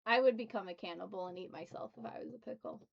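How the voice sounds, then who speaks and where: A woman's voice: medium pitch, quick pace, creaky, highs cut off. A woman hosting a tabletop game stream, chatting casually and giggling often. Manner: giggly, laughs often between words. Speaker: streamer and host.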